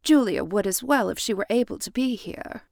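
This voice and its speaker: A woman's voice: medium pitch, expressive, normal speed, vocal fry, darkish tone, dry recording, clean studio sound. A woman doing an earnest, caring young sister. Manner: earnest, pleading.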